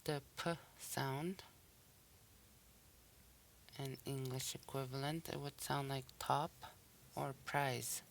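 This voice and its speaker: A language teacher giving a recorded pronunciation lesson, saying each example word slowly and then repeating it with care. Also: medium pitch, fairly even intonation, creaky, slight background noise.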